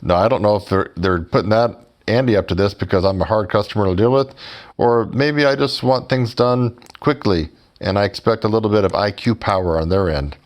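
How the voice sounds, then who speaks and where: A man's voice: lowish voice, a little fast. A man telling a story to his viewers in a sarcastic, mocking way and speaking directly to them as folks. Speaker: YouTuber.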